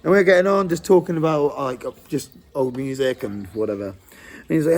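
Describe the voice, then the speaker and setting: A man's voice: medium pitch, fairly quick, gravelly, few pauses, darkish tone. A man in a tribute band telling a rambling anecdote, full of likes and ums. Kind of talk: casual anecdote.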